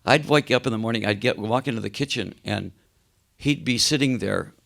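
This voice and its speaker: Gravelly older man telling road stories. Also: mid-range voice, fairly quick. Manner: animated anecdotes, acts out quoted voices. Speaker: interview guest, rock singer. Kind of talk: casual storytelling interview. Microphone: video call.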